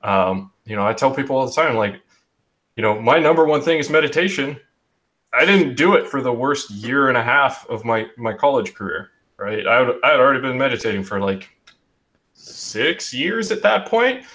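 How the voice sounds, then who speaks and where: Young male host, video-call chat, reflective, meandering, mid-pitched. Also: animated, moderate pace, a bit bright. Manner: reflective, talks in restarts with um and you know. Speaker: host of an online group chat. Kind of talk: casual discussion.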